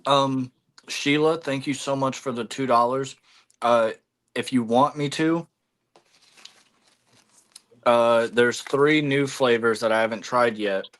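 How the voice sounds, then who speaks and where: A man's voice: medium pitch, steady tone, slow, pauses often, a bit bright. A man hosting a casual livestream, rambling with many fillers and eating while he talks. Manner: chewing food while talking. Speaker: livestream host.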